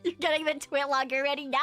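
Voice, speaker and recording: This VTuber's voice sits high with a steady, sharp tone, and she talks at a moderate pace while soft music plays behind her. Her chat is casual and giggly, rambling along with frequent fillers and self-corrections.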